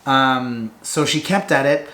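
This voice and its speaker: A man's voice: medium pitch, slow, pushed and bright. A man talking casually and informally in a vlog, swearing now and then while he tells a story and reviews a drink. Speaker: vlogger reviewing Korean alcohol.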